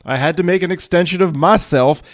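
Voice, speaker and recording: A man voicing a booming, detached spiritual higher self who speaks in a matter-of-fact way. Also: a little fast, no echo, studio quality, lightly acted. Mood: solemn.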